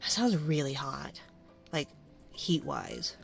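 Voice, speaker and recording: Woman, casual ASMR chat, soft whispers, rambling, somewhat low pitch, vocal fry. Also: slow pace, soft background music. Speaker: VTuber streamer.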